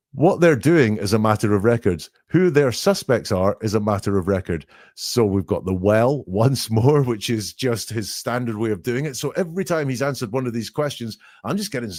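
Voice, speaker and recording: A man's voice: fairly low pitch, dry recording, studio quality. A man hosting a podcast, giving analytical commentary that quotes lines from an interview and then picks them apart. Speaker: podcast host.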